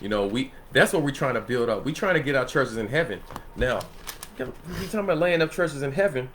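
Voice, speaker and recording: A man in a relaxed Bible study who teaches the scripture in a loose, conversational way, laughing often and checking in with his listeners. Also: medium pitch, brisk, slight background noise. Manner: loose and conversational, laughs often, asks "you know what I'm saying?".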